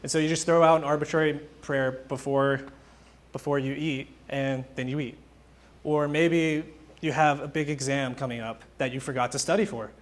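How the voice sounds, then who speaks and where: A man's voice: mid-range voice, normal speed. A young man preaching a casual, conversational sermon, telling stories and acting out quotes informally. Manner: informal, animated storytelling with acted-out quotes.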